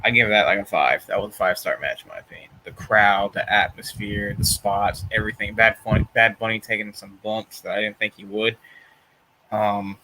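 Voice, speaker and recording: A man's voice: lowish voice, fairly even intonation, moderate pace, sharp tone, a little hiss or hum, poor audio. A young man in casual chat, rambling and tired, yawning between thoughts, with many fillers and restarts. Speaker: vlogger reviewing wrestling shows.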